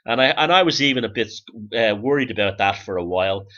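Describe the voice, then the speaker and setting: A man rambling through a profane, low-key monologue as a podcast host. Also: animated, fast talker, a bit bright, highs cut off.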